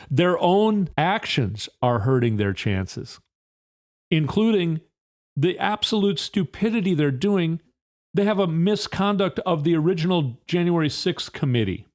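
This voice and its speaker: A man hosting a solo political commentary podcast, firing off indignant rhetorical questions in a fired-up way. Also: fairly high pitch. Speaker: podcast host.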